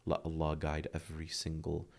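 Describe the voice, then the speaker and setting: A man in his thirties talks about hard times in an earnest, heartfelt way. His voice is very deep with a gravelly fry, and it often softens nearly to a whisper. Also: monotone, normal speed. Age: 30s. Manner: earnest, heartfelt, drops to a near whisper at tender moments. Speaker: podcast guest. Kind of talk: emotional interview talk.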